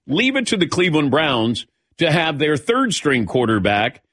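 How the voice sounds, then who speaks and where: A man hosting morning sports radio, with a bouncy voice that rises and falls a lot. His tone is a little husky, and the sound is dry and close on a studio mic. He jokes around between reads and plugs. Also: fairly high pitch, dry recording. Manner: wisecracking, lively, quick asides. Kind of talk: casual morning radio chat. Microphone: studio microphone.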